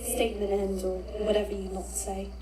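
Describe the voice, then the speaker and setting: A woman's voice: mid-range voice, little pitch movement, a little fast, recorded from a distance, natural voice. A woman with a British accent voicing a dead woman who gives a bitter, frightened statement in a recorded audio drama, her voice pained and shaky. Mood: bitter, resigned. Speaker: statement giver. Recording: loud noise, reversed reverb effect.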